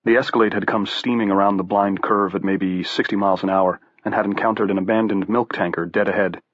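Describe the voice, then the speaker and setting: This is scripted narration of a horror audiobook by a man whose voice sits on the lower side. He keeps a measured pace and fairly even intonation, and the audio is dry and close-miked, with dulled highs and no sense of a room.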